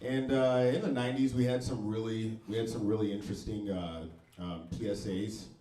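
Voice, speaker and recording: A man doing a stand-up set in a comedy club, deadpan and wry, with very crisp, proper diction. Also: on the low side, moderate pace. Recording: echoey club room.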